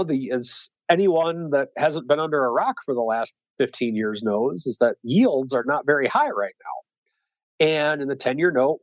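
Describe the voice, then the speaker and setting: A wealth manager talking through bond and stock markets in casual commentary, thinking aloud with many fillers and restarts. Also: male voice, a little high, no echo, highs cut off.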